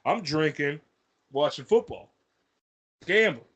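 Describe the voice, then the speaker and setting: Guy with a kinda high bright voice, swearing nonstop, animated story mode. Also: takes it slowly, husky, lo-fi sound. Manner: profane, animated, laughs through his stories. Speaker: podcast co-host. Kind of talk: casual storytelling chat.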